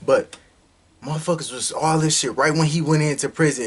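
A man reacting to a music video in a casual vlog, loud and excitable, full of street slang and swearing. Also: on the high side, fast talker, breathy edge.

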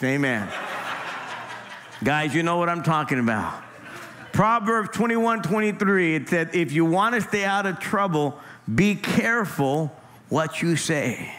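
A man's voice: sits high, measured pace, a bit bright. A man preaching a sermon as pastor, talking in a loose, conversational way with frequent restarts and "man" tossed in. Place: church sanctuary.

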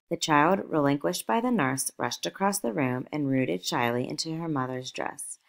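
A woman narrating a novel aloud in a measured, expressive storytelling manner. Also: low-pitched, gravelly. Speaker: audiobook narrator.

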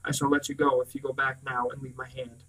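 A man reading the lines of a vast misty dark lord, cold, menacing and sibilant. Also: mid-range voice, monotone, quick pace, recorded from a distance, lightly acted, low-quality recording. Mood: cold threat.

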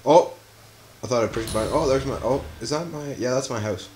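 A man's voice: medium pitch, fairly quick, a little mellow, slight background noise. Joking young man playing a game. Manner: joking, swears casually, laughs often. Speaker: gamer playing and commenting. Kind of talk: casual let's-play banter.

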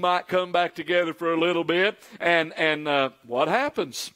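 A man's voice: fairly high pitch, normal speed, a bit bright. A middle-aged man preaching a sermon as pastor, acting out quoted pleas in a raised, pleading voice.

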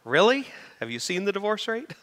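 A middle-aged man preaching a sermon as pastor, animated and building to loud emphatic peaks. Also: mid-range voice, measured pace. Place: church sanctuary. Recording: reverberant church hall.

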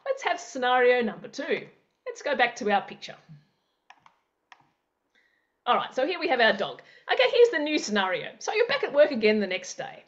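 A woman leads an online workshop, acting out scenarios with playful sound effects and an animated, lively delivery. Her voice sits a little high. The audio is dull and lo-fi, like a video call. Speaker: presenter. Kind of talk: interactive workshop teaching.

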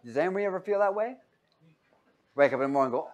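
A man's voice: high-pitched, fast. A man teaching a Bible lesson as a sermon, joking and quizzing his listeners. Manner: jokey, asks the audience questions; lively, swings between loud and quiet.

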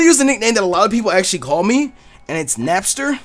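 Animated, profane male gaming commentator. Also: high voice, fast talker. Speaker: gaming YouTuber. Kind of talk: let's play commentary.

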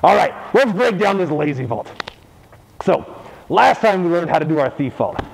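Man, parkour coach, playful, joking asides, lively pitch. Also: moderate pace, creaky, low-quality recording. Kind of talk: tutorial instruction.

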